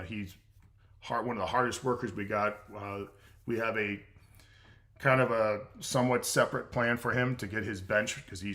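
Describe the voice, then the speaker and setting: A middle-aged American strength coach with a lowish, fairly bright voice answers viewer questions on a casual livestream. He's blunt and repetitive, packing his answers with "uh" fillers.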